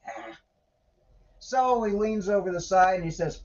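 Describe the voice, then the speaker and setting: A man's voice: high-pitched, moderate pace, highs cut off. A man giving irreverent, sarcastic casual commentary while reading scripture aloud, swearing now and then. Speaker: podcaster reading and commenting on the Bible.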